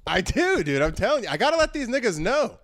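A man hosting a podcast, teasing his guest with quick questions in casual banter. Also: very high voice, big pitch swings, fairly bright tone. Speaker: podcast host.

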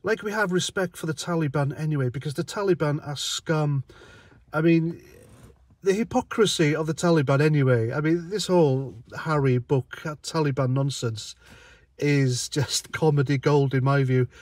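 British army-veteran vlogger, blunt and sarcastic, slightly high male voice, dry close recording. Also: normal speed, darkish tone, no echo. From United Kingdom. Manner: blunt, sarcastic, often laughing. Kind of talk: opinionated casual monologue.

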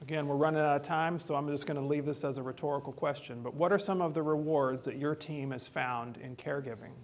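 A man giving a training presentation on home care, telling a story in a lively, conversational way. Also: fairly high pitch, fast.

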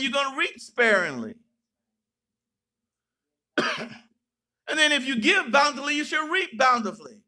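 A man pastor preaching a sermon, breaking into sudden shouts and playful asides. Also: extremely high pitch.

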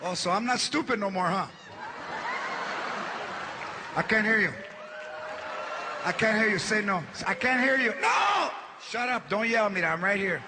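A man's voice: high voice, lively intonation, a little fast, few pauses, a loud crowd. A man voicing a sarcastic middle-aged wife, mocking and nagging her sick husband. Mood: taunting. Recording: noisy live stand-up recording.

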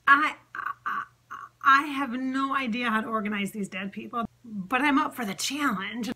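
A woman vlogging casually as a psychic, rambling and sassy, laughing often as she talks out loud. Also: a little high, normal speed. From Minnesota, US. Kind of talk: casual blooper vlog talk. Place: home, car and outdoors.

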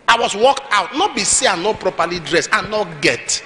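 A man with a Nigerian accent preaching a sermon, telling stories animatedly with bursts of shouting. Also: high-pitched, expressive, normal speed, background noise. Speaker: apostle, preacher.

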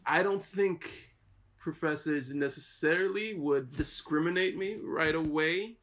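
A man's voice: on the high side, measured pace, a bit bright. A male student from New York recounting experiences in a documentary interview, with a conversational style full of fillers. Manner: conversational, uses many fillers.

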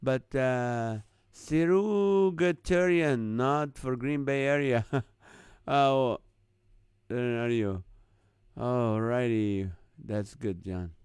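A man's voice: mid-range voice, drawn-out words, a little mellow, smooth, no room sound. A man hosting a live comedy stream, chatting casually, reading viewer comments and chuckling often at the wordplay. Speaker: host of a live comedy show.

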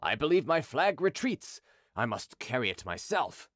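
A man's voice: mid-range voice, huge pitch swings, measured pace, a bit bright, no echo, clean studio sound, exaggerated voice. A man voicing a brave king who trembles yet charges into battle, crying out commands and oaths. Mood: commanding. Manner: cries out commands, swears oaths. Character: king Henry of Navarre, brave but trembling.

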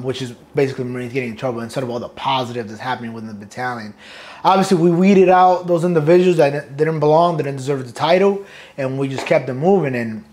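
A middle-aged man from New York sits as an interview guest and tells his stories in a relaxed, talkative way. He swears easily, laughs, and voices the people he quotes. His voice sits at an ordinary middle pitch for a man. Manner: animated, profane, acts out quotes with laughs. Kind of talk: casual storytelling interview.

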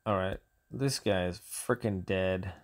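A man's voice: low-pitched, takes it slowly, a little hiss or hum. A man commentating his own gameplay for his channel, grumbling and exasperated, often sighing. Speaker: gaming channel host.

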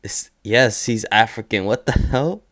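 A young man hosting a casual reaction video, excitable and swearing, full of "yo" exclamations and laughter. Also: lowish voice, measured pace.

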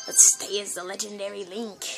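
A woman giving casual, excitable commentary while playing a video game, with frequent gasping exclamations. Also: medium pitch, fairly quick, vocal fry. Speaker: gameplay video host. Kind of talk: casual let's-play commentary. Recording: loud game music underneath.

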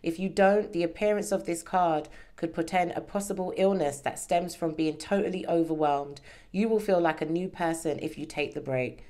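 A tarot reader with a mellow, fairly low-pitched voice gives a casual reading at a moderate pace, chatty and encouraging, often checking in with "okay?". Her microphone is worn close to her hair.

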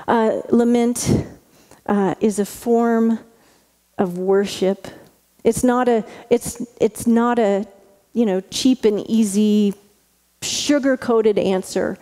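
A woman's voice: fairly high pitch, fairly even intonation, takes it slowly, dark tone. A woman pastor giving a conversational sermon, chatty and full of asides and restarts. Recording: long reverb of a large hall.

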